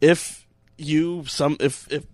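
A man co-hosting a podcast, blunt and swearing, tossing in quick interjections. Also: fairly high pitch, steady tone, crowd noise. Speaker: podcast co-host. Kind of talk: casual chat.

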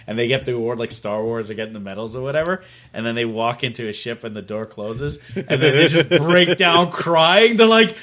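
A man chatting with friends about shows, his voice at an ordinary middle pitch. He recounts scenes with animated energy and laughs through them. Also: brisk, few pauses. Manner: animated storyteller, laughs while telling. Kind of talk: casual group chat about movies.

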